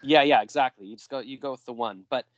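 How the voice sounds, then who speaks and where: A man's voice: mid-range voice, fast talker, no room sound, highs cut off. A man hosting a podcast in casual chat, rambling and jokey, often trailing off mid-thought. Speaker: podcast host.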